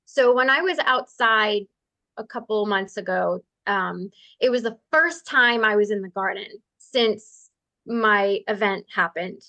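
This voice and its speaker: A woman's voice: medium pitch, pushed and bright, no echo. A woman telling personal stories as a podcast guest in an earnest, conversational way, speeding up in bursts. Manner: earnest, quick bursts of speech with laughs. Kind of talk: conversational storytelling.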